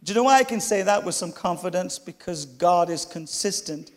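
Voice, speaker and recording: Long hall reverb surrounds this clip of a middle-aged man delivering a storytelling sermon. His voice is high-pitched and expressive and his pace brisk, and he drops in chatty, funny remarks aimed at the congregation.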